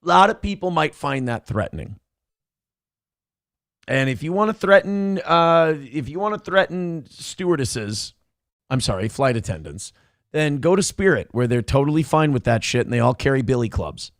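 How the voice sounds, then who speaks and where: Sarcastic male show host, lively pitch. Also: moderate pace, no room sound, clean studio sound. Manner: sarcastic, mocking, laughing. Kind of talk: commenting on a viral video.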